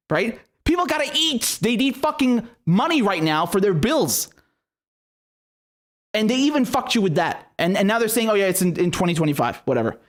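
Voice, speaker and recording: A man rants angrily about politics, mocking, sarcastic and swearing freely. His voice is fairly high for a man, and he speaks straight to his viewers like a host.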